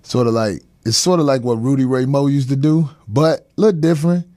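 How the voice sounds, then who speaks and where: Here the same kind of casual storytelling chat comes from a middle-aged comedian talk-show host who swears a lot, laughs often, chuckles mid-story and adopts character voices for quoted people. The voice sits at medium pitch, fairly quick, steady and mellow, captured at studio quality with no room sound.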